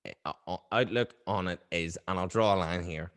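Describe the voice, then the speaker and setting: A young man, his voice sitting a little low. He rambles and hesitates before landing his point with force. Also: brisk, fairly bright tone. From Ireland. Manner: rambling, hesitant, then emphatic. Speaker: podcast host, actor. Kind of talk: casual interview chat.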